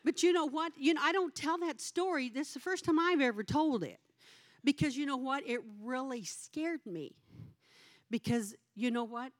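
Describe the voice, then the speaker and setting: An older woman preaching a sermon, a folksy and animated storyteller who has the congregation repeat phrases after her. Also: sits high, moderate pace. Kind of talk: sermon with personal stories.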